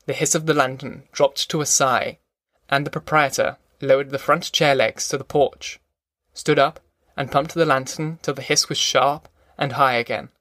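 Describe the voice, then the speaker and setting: A man reading a novel aloud as an audiobook narrator, in measured, even storytelling. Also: mid-range voice, no room sound, clean studio sound. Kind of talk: scripted narration.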